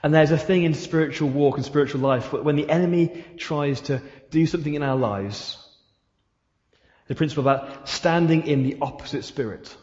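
A man's voice: fairly high pitch, moderate pace, a little mellow. A man preaching a sermon in a church hall, asking his listeners repeated rhetorical questions. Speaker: pastor. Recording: echoey hall, dull sound.

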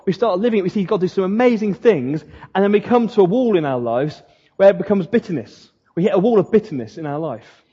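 A man's voice: high-pitched, expressive, quick pace, dark tone, slightly rough. A man preaching a sermon in a conversational way, with slips and restarts. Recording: dull lo-fi sound in a reverberant hall.

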